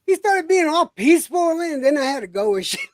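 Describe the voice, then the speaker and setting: A woman's voice: high-pitched, very animated, fairly quick, dry recording. A woman in a casual chat who talks bluntly, curses freely and reassures the people she is talking with.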